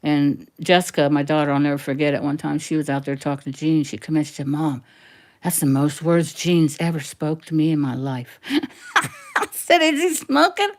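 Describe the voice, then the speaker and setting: A woman's voice: deep voice, level tone, brisk, darkish tone. A middle-aged woman rambling casually through old family photos, laughing often as she tells stories. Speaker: livestream host.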